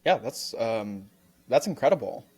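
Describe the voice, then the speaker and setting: A man co-hosting a podcast, reacting to a guest's story in a relaxed, appreciative way. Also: medium pitch, a little slow, husky. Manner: laid-back, appreciative reactions. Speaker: podcast co-host. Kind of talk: casual chat.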